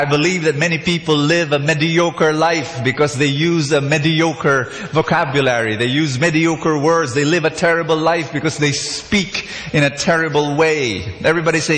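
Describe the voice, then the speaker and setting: A male preacher giving an animated sermon, leading his audience in call-and-response and repeating key phrases. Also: a little high. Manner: animated, repetitive, prompts audience. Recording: echoey hall, faint noise.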